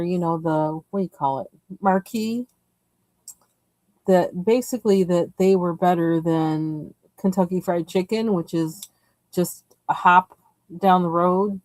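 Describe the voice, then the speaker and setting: Chatty woman coloring, low voice, dry mic. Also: unhurried, darkish tone, no room sound, rough recording. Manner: chatty and rambling, laughs often, trails off while searching for colors. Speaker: coloring livestream host. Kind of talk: casual chat while coloring.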